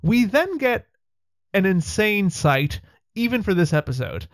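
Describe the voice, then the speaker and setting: A man's voice: high voice, big pitch swings, unhurried, no echo. A man hosting a podcast, recapping a TV episode with a wry, chatty delivery. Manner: wry, chatty narration with laughs. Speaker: podcast host.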